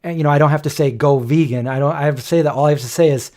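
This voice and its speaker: A man's voice: a little high, racing, a little mellow. Rambling middle-aged man chatting. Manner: rambling, joking storyteller. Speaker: host. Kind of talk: casual livestream chat.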